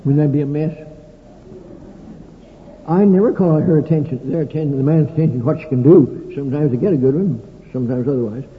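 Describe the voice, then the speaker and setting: A man's voice: fairly high pitch, brisk. Older male preacher, tinny old hall recording. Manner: folksy storytelling with dry humorous asides. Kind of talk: sermon.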